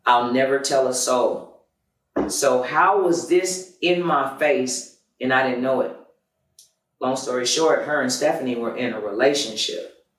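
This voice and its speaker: Loud, emphatic man telling a story. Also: medium pitch, unhurried. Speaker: podcast host. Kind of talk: confessional storytelling monologue. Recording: roomy, distant mic.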